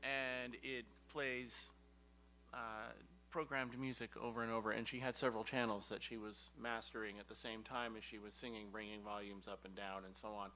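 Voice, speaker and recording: A man's voice: fairly low pitch, little pitch movement, normal speed, slight background noise. A male musician chatting and joking with a congregation as he sets up a sing-along. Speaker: church musician. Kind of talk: casual talk to a congregation. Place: spiritual center service room. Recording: live speech over loud piano.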